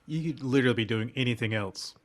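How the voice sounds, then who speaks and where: A man's voice: medium pitch, quick pace, faint music behind. Man co-host, emphatic and repetitive. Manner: emphatic, repeating words. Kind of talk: casual chat.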